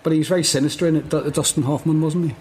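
A man's voice: on the high side, fairly even intonation, rapid-fire, a little mellow, a little hiss or hum. A man co-hosting a casual podcast chat, jokey and often laughing. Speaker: podcast co-host.

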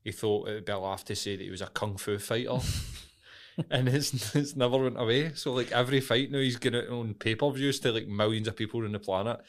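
A man's voice: mid-range voice, steady tone, fairly quick. A young Scottish man with a Glasgow accent, co-hosting a podcast and telling stories in casual, sweary banter. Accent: Scottish, Glasgow area. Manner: swearing, banter-heavy storytelling. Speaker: podcast co-host. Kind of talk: casual chat.

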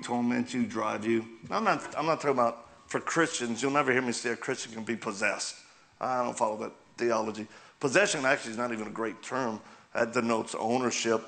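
Gravelly-voiced joking male preacher. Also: medium pitch, sharp tone. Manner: joking, asks the crowd questions, laughs often. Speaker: guest preacher. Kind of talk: humorous sermon with stories. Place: church sanctuary.

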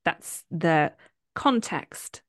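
A woman co-hosting a book podcast, chatting in a bubbly way with quick asides and frequent laughs. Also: low voice, expressive, a bit bright. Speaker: podcast co-host. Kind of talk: casual chat.

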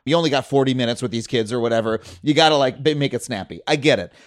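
A man from Long Island, telling stories in an energetic casual conversation and laughing often as he hosts. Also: medium pitch, quick pace. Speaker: host.

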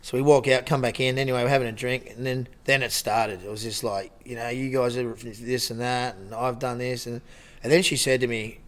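A man's voice: mid-range voice, little pitch movement, a little fast, fairly bright tone. A man with an Australian accent, a lifeguard guest telling a long anecdote in casual chat, often restarting his sentences. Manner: rambling, with many restarts and laughs. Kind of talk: casual storytelling.

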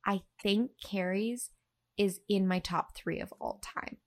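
A woman's voice: medium pitch, fairly even intonation, takes it slowly. A woman, co-hosting a podcast in a casual, enthusiastic chat. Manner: chatty, enthusiastic, playful. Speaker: podcast co-host.

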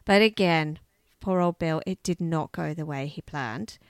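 A woman co-hosting a casual true-crime chat, telling the story in a chatty, animated way. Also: sits low, measured pace, no echo, clean studio sound. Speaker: podcast co-host.

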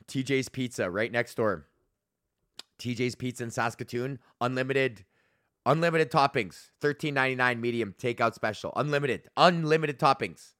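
Rambling, profane man with a bright voice. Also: medium pitch, measured pace, long pauses, dry recording, studio quality. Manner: profane, rambling storytelling with lots of fillers. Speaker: podcast host and comedian. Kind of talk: solo rambling monologue.

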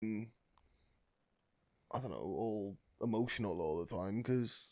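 A man's voice: fairly low pitch, a little slow, a little mellow, no room sound, clean studio sound. A young man co-hosting a podcast in casual chat, laid-back and crude in his banter. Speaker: podcast co-host.

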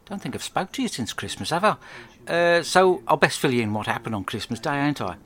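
Crude deadpan English man rambling. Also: on the high side, fairly quick. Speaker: podcast host. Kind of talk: comic diary monologue.

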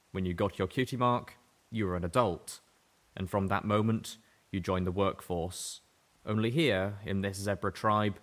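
Deep-voiced male audiobook narrator. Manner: steady first-person reading.

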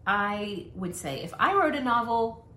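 A woman's voice: a little high, expressive, a little slow, pushed and bright. A middle-aged woman co-hosting a podcast in casual, self-deprecating chat, reading out dates and facts. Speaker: podcast co-host. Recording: roomy with faint noise.

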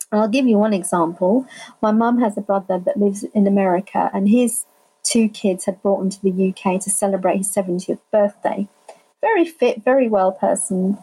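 A middle-aged woman telling a personal story in conversation, in an animated, emphatic way, acting out the voices of other people. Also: fairly high pitch, breathy edge, poor audio. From England. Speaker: family carer telling her story.

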